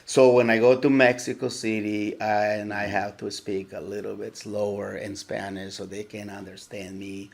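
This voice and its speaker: A man's voice: lowish voice, flat delivery, normal speed, gravelly, few pauses. A man, a soccer coach, chatting casually as a podcast guest, rambling with restarts and laughing often. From Southern California.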